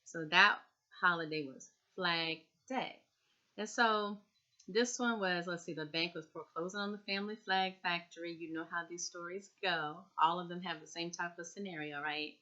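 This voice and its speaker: A woman's voice: fairly low pitch, moderate pace, bright, forceful tone, muffled recording. A woman chatting casually as a TV recap vlogger, repeating herself and talking straight to her viewers.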